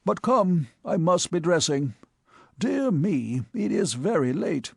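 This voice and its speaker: A fussy, self-satisfied old gentleman, put on by a male narrator in an audiobook, beaming over everyone's business. His voice rides high and swoops about with hearty emphasis. The recording is close and dry. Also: sing-song, takes it slowly, creaky, breathy edge, no echo, heavily acted. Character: genial, pompous elderly uncle, a titled gentleman. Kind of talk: audiobook character voice.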